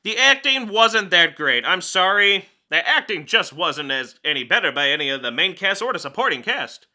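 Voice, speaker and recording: A man's voice: high voice, very animated, normal speed, pushed and bright. A man hosting a comedic film review, grumbling sarcastically and joking in self-pity.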